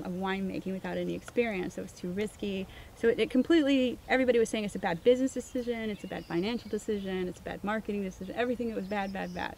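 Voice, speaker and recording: A woman's voice: medium pitch, fairly bright tone, slight background noise. A woman from Missouri, a winemaker, telling her story in an interview and acting out the dialogue she quotes. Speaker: winemaker, guest.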